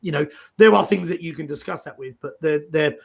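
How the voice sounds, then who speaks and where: Middle-aged male host, gravelly, chatty and rambling. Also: fairly high pitch, fairly quick. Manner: animated, rambling, repeats words as he goes. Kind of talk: casual career advice chat.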